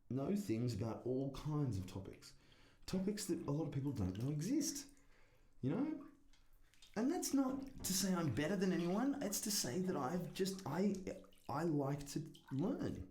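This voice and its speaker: A man's voice: mid-range voice, mellow. A man talking casually to camera in a rambling, self-mocking way, swearing constantly and laughing at his own jokes. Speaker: vlogger. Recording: echoey room with faint noise.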